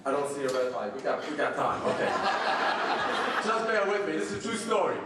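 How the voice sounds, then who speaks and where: A man's voice: fairly high pitch, expressive, a little fast, very noisy. A man telling jokes as long stories at a banquet, insisting each one is true. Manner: plain-spoken, insisting each tale is true. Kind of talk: storytelling jokes. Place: large banquet hall. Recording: echoey hall from far off.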